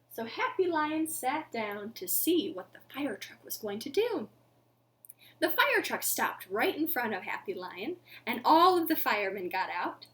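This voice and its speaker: A woman children's librarian reading a picture book aloud at home, with expressive, dramatic, drawn-out storytelling and pauses for suspense. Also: on the high side.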